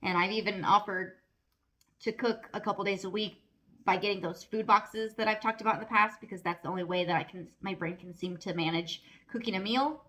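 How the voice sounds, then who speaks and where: A woman's voice: mid-range voice, steady tone, brisk, a bit bright. A middle-aged woman vlogging at home in a candid, casual monologue, earnest and emphatic with lots of "like" fillers.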